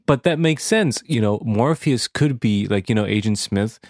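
A man co-hosting a casual podcast, rambling and joking with lots of restarts. His voice sits on the low side and sounds close and dry. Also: animated, moderate pace, darkish tone, no echo. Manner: rambling, jokey, restarts often. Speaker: podcast co-host. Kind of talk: casual chat.

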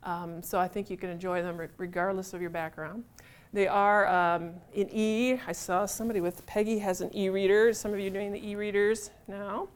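A middle-aged woman author, giving a chatty, animated talk to a live audience in a room. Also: mid-range voice, normal speed, clean tone. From United States. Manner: chatty, animated, self-deprecating humor.

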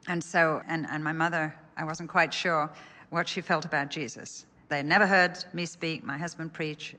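A woman's voice: on the low side, sharp tone. Older woman preaching, echoey hall. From England. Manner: personal, anecdotal, earnest. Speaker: speaker. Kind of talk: storytelling sermon.

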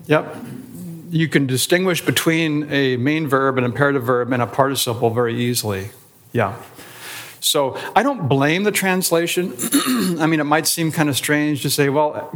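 With a mid-range, fairly bright voice, this pastor leads an adult Sunday school class. He moves deliberately, leaning on words in brief lists and asking rhetorical questions.

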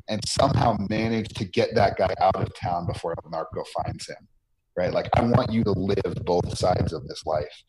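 A man's voice: sits low, moderate pace. A man being interviewed as a game designer, talking earnestly and tagging his points with "right?". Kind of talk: podcast interview. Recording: noisy line.

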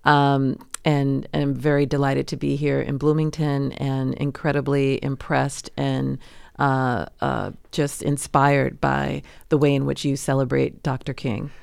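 A woman from New York City, an attorney, explaining legal ideas in a measured radio interview, with frequent fillers and restarts. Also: extremely low pitch, flat delivery, vocal fry, a little mellow, clean tone, no room sound, studio quality. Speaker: civil rights attorney, guest. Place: radio studio.

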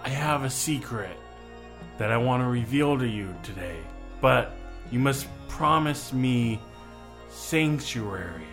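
A man's voice: mid-range voice, expressive, slow pace, fairly bright tone, soft background music. A man playing his character in a tabletop game, playful and joking. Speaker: player.

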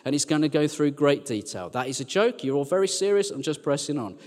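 A man preaching a sermon as a church team leader, chatty and joking, then turning quiet and earnest. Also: fairly high pitch, fast, big-room sound. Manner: conversational and joking, dropping to quiet earnest lines.

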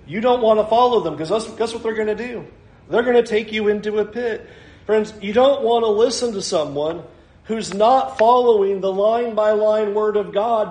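A man preaches a sermon with a high voice. He talks in an animated way and acts out the voices of the people in his story. The sound rings around an echoey room. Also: moderate pace. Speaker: pastor.

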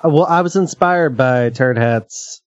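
A man's voice: mid-range voice, takes it slowly, no room sound. A man chatting on a podcast as a guest co-host, laid-back with wry quips. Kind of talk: casual chat. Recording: dull, dry lo-fi sound.

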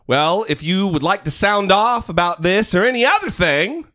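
Podcast co-host, man, sharp bright tone, lively swooping delivery, blunt and profane. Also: sits high, moderate pace. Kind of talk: casual podcast chat.

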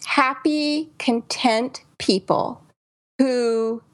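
A woman's voice: on the high side, very slow. A woman hosting a podcast, an author talking casually about her books, laughing easily and using many fillers. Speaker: podcast host and thriller author.

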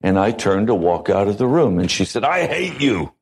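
A man preaching a sermon as a pastor, measured and deliberate, with long pauses between phrases. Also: deep voice, a little mellow, rough recording.

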